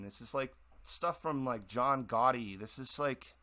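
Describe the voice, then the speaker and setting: A man's voice: medium pitch, measured pace, hardly any pauses, sharp tone. A man from the Boston area hosting a radio show, talking in a rambling, heated monologue with many restarts. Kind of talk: casual opinion monologue.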